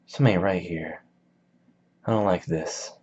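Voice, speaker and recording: A man's voice: deep voice, normal speed, a little mellow, husky. A man voicing a smug, blunt rich young man in slangy speech, in a dull lo-fi recording. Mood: suspicious.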